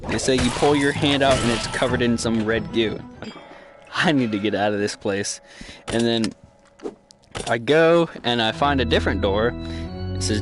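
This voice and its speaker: A man casually recapping a game he played, rambling and swearing, with sudden excited high-pitched outbursts. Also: moderate pace. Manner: rambling, profane, swings into excited high exclamations. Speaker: gaming storyteller. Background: loud background music.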